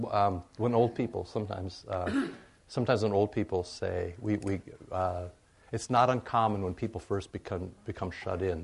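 An older male pastor giving a folksy, rambling sermon, often checking in with the congregation with a quick "right?". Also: low voice, creaky, slightly rough. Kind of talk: conversational sermon.

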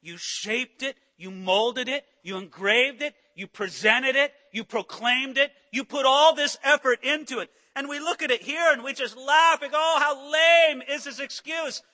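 A man preaching a sermon as a pastor, animated, acting out the voices of biblical figures. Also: extremely high pitch, moderate pace, few pauses, long reverb tail.

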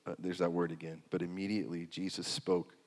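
A man preaching a sermon, swinging from hushed to loud and repeating phrases for emphasis. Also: sits low, flat delivery, fairly quick. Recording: long hall reverb.

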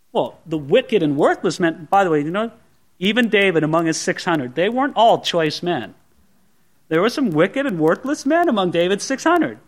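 A male pastor preaching a sermon, telling the story in an animated way and speaking straight to his congregation. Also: sits high, normal speed. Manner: animated storytelling, addresses the listener directly.

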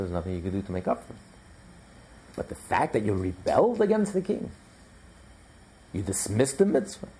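A man's voice: fairly low pitch, mellow, breathy edge. A man teaching a religious class in an emphatic, repetitive, conversational way, with many fillers.

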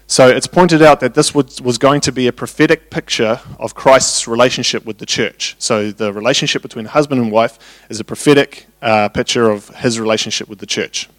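A man gives a sermon built on anecdotes about home life. His voice sits at an ordinary middle pitch. He turns animated when he acts out the scenes. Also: a little fast, no room sound. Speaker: preacher. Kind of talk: sermon with personal stories.

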